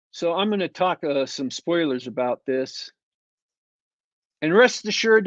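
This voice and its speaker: A man talks at an unhurried, drawn-out pace, sardonic and rambling as he reviews a show, filling gaps with ums and uhs. The sound is dry and a little muffled, like a plain home mic. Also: on the high side, dry recording. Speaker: podcast co-host reviewing shows. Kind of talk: casual podcast chat.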